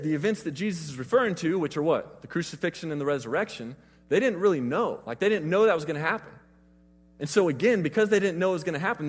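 Husky-voiced man preaching in a reverberant hall. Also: on the high side. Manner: casual, conversational retelling of scripture. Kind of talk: sermon.

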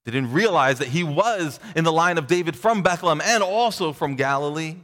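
A middle-aged man preaching a sermon, reading scripture aloud and voicing its speakers with lifted pitch. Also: lively intonation, a little fast, fairly bright tone. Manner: expository preaching, acting out quoted voices with a rising pitch. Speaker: pastor. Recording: long reverb of a large hall.

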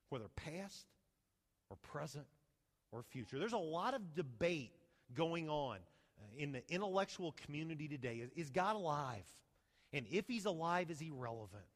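A man preaching a sermon, retelling a story with lively rhetorical questions to his congregation. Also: a little high. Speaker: pastor. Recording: long hall reverb.

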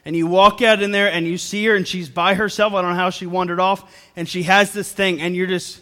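A young male pastor preaches to a congregation in a church with a rather high voice. He speaks earnestly and comes back to the same phrases again and again to drive each point home. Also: steady tone, fairly quick, few pauses, a bit bright. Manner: earnest, repeats phrases for emphasis, talks to the congregation. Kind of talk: sermon. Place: church service before a congregation.

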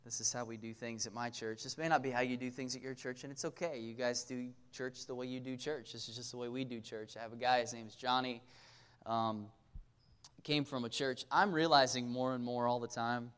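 A man preaching a casual sermon at a youth camp, joking and talking straight to the audience with quick asides. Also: medium pitch, fairly even intonation, fairly bright tone, clear, resonant tone.

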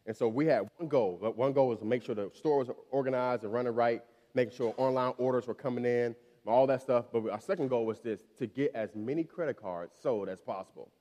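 A man in his thirties preaching in a church hall. He tells a casual story with lots of restarts and repeated words, then climbs higher and louder as he drives his point home. His voice carries a long hall reverb. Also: brisk, few pauses. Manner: storytelling, repeats words, rises in pitch and volume when preaching. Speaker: pastor. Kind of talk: sermon.

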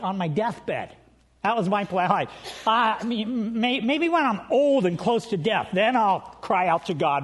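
A pastor delivers a sermon in a very high voice for a man. He speaks in a relaxed, conversational way and often restarts phrases. He is candid about himself as he teaches. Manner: conversational, self-deprecating, with frequent restarts.

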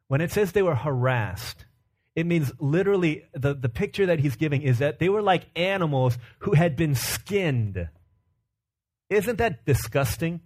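A man's voice: on the high side, lively intonation, measured pace, darkish tone, slightly rough. A pastor in his thirties giving a conversational sermon, asking the congregation questions and telling stories about his young children. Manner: conversational preaching with rhetorical questions and family stories.

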